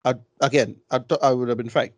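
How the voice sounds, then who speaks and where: A man co-hosting a casual film chat, blunt and animated, swearing freely. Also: mid-range voice, fast, no echo. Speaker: film podcast co-host.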